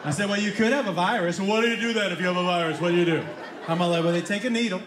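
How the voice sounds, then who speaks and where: A man doing stand-up comedy, telling an animated story and playing both sides of the dialogue. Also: high voice, rapid-fire, background noise. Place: comedy club stage with live audience. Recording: live club room echo with crowd laughter.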